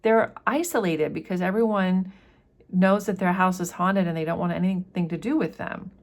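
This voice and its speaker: A woman's voice: fairly low pitch, steady tone, moderate pace. A woman going through a novel chapter by chapter and explaining it in a casual way as a teacher. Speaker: literature teacher. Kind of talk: chapter-by-chapter book commentary.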